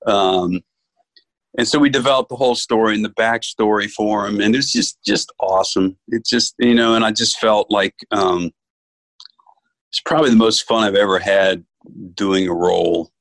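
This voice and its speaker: A man from New York, an actor guest, telling stories in a relaxed interview chat and acting out the voices he quotes. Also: fairly low pitch, normal speed, no echo, low-quality recording. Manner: animated storyteller, acts out quoted voices.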